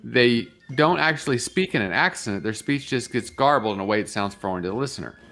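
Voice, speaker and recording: A man's voice: mid-range voice, lively intonation, a little fast, pushed and bright. A male co-host reads quirky lists in a casual morning show chat, sounding amused and tripping over a few words. Faint music plays under the talk.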